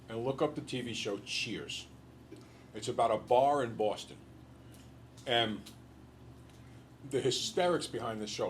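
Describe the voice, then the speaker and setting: A male teacher lecturing a class in an animated, joking storyteller way. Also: medium pitch, slight background noise.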